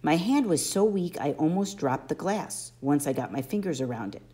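A woman narrating an audiobook in an expressive first-person storytelling manner. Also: low-pitched, normal speed. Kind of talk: audiobook reading.

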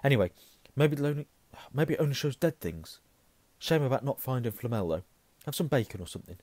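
A hoarse man voicing a cross, blunt young teenage boy. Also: medium pitch, lively intonation, brisk, darkish tone, no room sound, voice pushed up, natural voice. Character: grumpy, hungry young teen boy friend.

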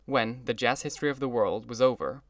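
A man narrating a classic novel as an audiobook in an even, measured reading. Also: mid-range voice, no echo.

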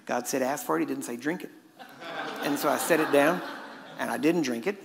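Guy preaching, chatty story style, laughs at himself, bit of rasp, long echo in the hall. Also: mid-range voice, a little fast, crowd noise. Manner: conversational, laughs at his own asides. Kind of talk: storytelling sermon. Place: church hall. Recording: echoey hall with faint ambience.

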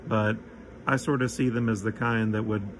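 A man's voice: on the low side, fairly even intonation, normal speed, background noise. A man casually sharing his opinions on a toy figure, easygoing with frequent ums. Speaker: toy collector giving opinions. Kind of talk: casual chat.

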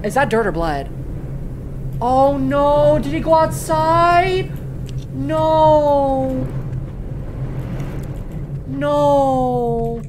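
A woman's voice: sits high, animated, extremely slow, long pauses, background noise. A woman streaming a horror game live, panicking, swearing and shrieking the same exclamations over and over. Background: game music.

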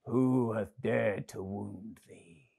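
A man voicing a huge, lonely, kind-hearted old male giant in a children's storybook reading, speaking in booming, old-fashioned tones. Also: normal speed, fairly bright tone, natural voice. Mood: wrathful.

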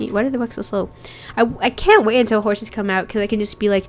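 A young woman with a cold, coughing and rough-voiced, chatting casually and getting easily exasperated while she plays. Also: mid-range voice, quick pace, a little hiss or hum. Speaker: gaming channel host. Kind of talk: casual gameplay commentary.

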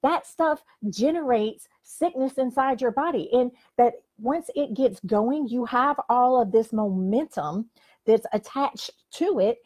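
Older woman, life coach, frank and emphatic, fairly high voice, talking to camera. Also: unhurried, darkish tone. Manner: frank, emphatic, says "like" often. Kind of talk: motivational talk to camera. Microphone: facing the camera.

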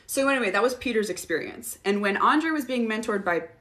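Bright-voiced woman chatting casually. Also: on the high side, lively intonation, a little fast. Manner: casual, swears freely, laughs often. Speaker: host answering viewer questions. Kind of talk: casual livestream chat.

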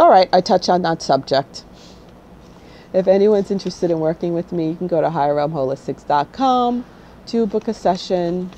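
A woman's voice: on the low side, warm tone, highs cut off, a little hiss or hum. A woman hosting her own spiritual channel, talking straight to the viewer in a blunt, no-nonsense way and often checking in with "okay?". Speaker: spiritual guide and channel host. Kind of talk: casual spiritual talk to camera.

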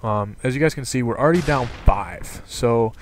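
A young man giving casual commentary on a video game, rambling and excitable, with lots of fillers. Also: mid-range voice, moderate pace, slight background noise. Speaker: gaming commentator. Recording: game sound and gunfire behind. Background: gunfire from gameplay.

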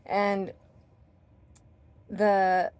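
A woman vlogger sharing a heartfelt spiritual talk, earnest and gentle, with many fillers and restarts. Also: mid-range voice, completely flat delivery, very slow, clean tone, no echo. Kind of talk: heartfelt personal talk to camera.

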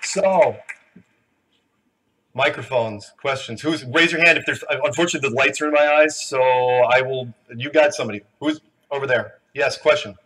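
Bright-voiced man addressing a conference. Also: mid-range voice, normal speed, breathy edge, poor audio. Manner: emotional, earnest, prone to laughing. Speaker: conference speaker. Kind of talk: live conference talk and Q&A. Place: large conference hall.

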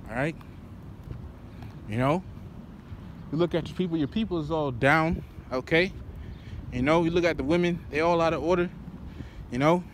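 A man preaching while walking outdoors, rambling and profane, padding his talk with "you know" and "man". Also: fairly high pitch. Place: outdoors by a road. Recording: street traffic noise behind.

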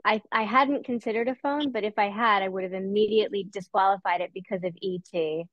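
A woman's voice: mid-range voice, steady tone, a little fast, no room sound. Thoughtful woman author, dry dull sound. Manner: thoughtful, with restarts and soft laughs. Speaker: author being interviewed. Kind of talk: conversational author interview.

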